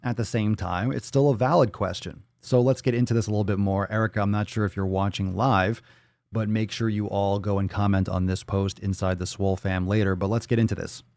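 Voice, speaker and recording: A man's voice: fairly low pitch, fairly even intonation, a little fast, darkish tone, no room sound, clean studio sound. A man hosting a livestream podcast, talking bluntly and profanely in a fired-up, casual way.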